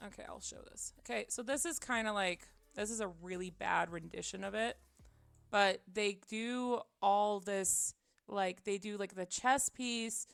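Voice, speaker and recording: A woman livestreamer chatting casually while she draws, rambling and self-deprecating, often dropping to quiet mutters. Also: medium pitch, a little slow, creaky, no echo. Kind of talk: casual chat while drawing on stream.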